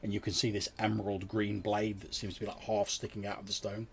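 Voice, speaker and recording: A man's voice: on the low side, completely flat delivery, fairly quick, vocal fry, a little hiss or hum. A man narrating as game master in a tabletop game, describing scenes loosely with many fillers and restarts.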